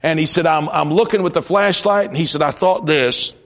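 A male pastor preaching a sermon, swinging from raised emphasis to hushed, slow storytelling. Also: a little high.

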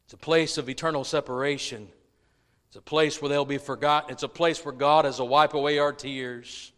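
A man preaching a sermon, swinging from hushed tones to loud pleading. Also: on the high side, fairly even intonation, a little fast. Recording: long reverb in a large room.

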